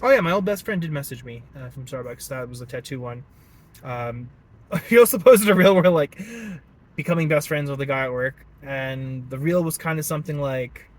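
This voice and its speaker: A young man ranting casually while driving, animated and laughing often. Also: on the high side, brisk, poor audio. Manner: animated, laughing often, puts on silly voices. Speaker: vlogger. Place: in a car at a stoplight. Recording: car and traffic noise behind.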